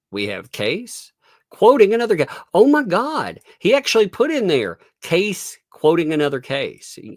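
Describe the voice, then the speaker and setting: A man's voice: high voice, no echo, clean studio sound. A middle-aged man hosting a live commentary stream on a court case, sarcastic, laughing often and swearing. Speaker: commentary livestream host.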